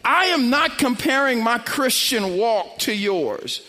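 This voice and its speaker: A man pastor preaching a sermon, emphatic and swinging from loud to hushed. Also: very high voice, expressive, takes it slowly. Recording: long hall reverb.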